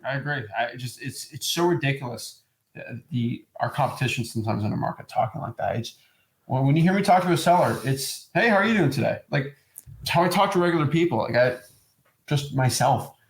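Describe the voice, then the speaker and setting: A man's voice: medium pitch, fairly quick, reverberant, poor audio. A man co-hosting a casual chat, talking animatedly and breaking into mock salesy voices. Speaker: co-host.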